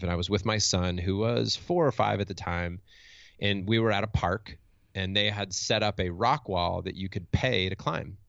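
Man, motivational speaker, gravelly voice, dry close sound, dull lo-fi recording, candid storytelling. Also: lowish voice, fairly bright tone, no room sound. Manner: candid, thinks aloud with restarts and tag questions. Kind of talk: reflective storytelling in conversation.

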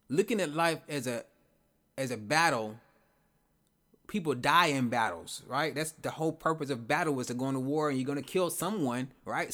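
Man, podcast host, rambling monologue, rhetorical questions, slightly high voice. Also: a bit bright. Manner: rambling, repeats and restarts phrases, asks rhetorical questions. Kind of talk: casual reflective monologue.

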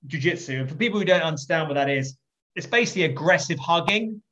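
Lively, joking man telling a story. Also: fairly high pitch, fast talker. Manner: lively, jokey, swears and laughs while telling stories. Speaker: podcast guest, entrepreneur. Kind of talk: animated anecdote telling. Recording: muffled lo-fi recording.

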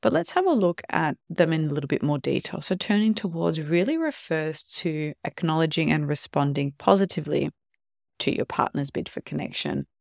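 A podcast host talking calmly on their own about relationships and now and then acting out short quoted examples. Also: medium pitch, normal speed, vocal fry, no echo, clean studio sound. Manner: calm explanatory, acts out short quoted examples. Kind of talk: solo podcast talk on relationships.

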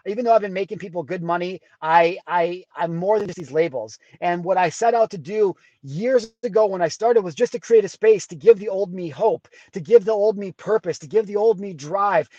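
A man's voice: high-pitched, moderate pace, hardly any pauses, a little mellow, no echo. A man hosting his own podcast in a raw confessional monologue, blunt, profane and fired up, from a rural farm background. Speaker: podcast host. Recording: dull dry sound.

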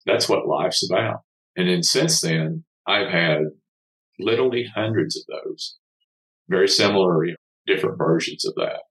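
A man's voice: sits low, moderate pace, a bit bright, poor audio. A man, a company founder appearing as a podcast guest, telling a heartfelt story in an earnest way. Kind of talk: storytelling in an interview.

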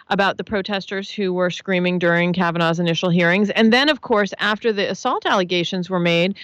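A woman's voice: lowish voice, steady tone, brisk, hardly any pauses, a bit bright, smooth, no echo. A woman answering as an interview guest, analytical and earnest, building her points in lists. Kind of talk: radio-style interview answer.

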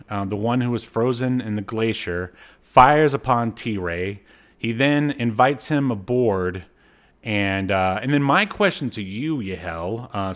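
A man co-hosting a podcast, casually recapping a cartoon episode with jokes and lots of fillers. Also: mid-range voice. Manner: laid-back, joking, many fillers. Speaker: podcast co-host.

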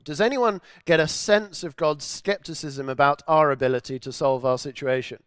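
A man's voice: a little high, normal speed, few pauses, a bit bright, clean tone, dry recording, clean studio sound. A man preaching a sermon with earnest, emphatic repetition.

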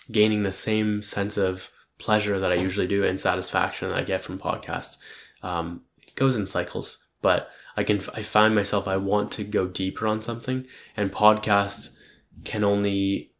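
A young man with a fairly low voice reflects out loud on his week of making content. He rambles and criticizes himself, often swearing and falling back on filler words. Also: steady tone, moderate pace. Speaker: content creator. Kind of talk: casual weekly self-reflection monologue.

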